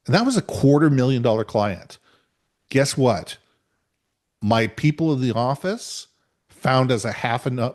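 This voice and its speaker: A middle-aged man co-hosting a podcast, telling a workplace story in an emphatic, animated way. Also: mid-range voice. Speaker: podcast co-host. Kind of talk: conversational storytelling.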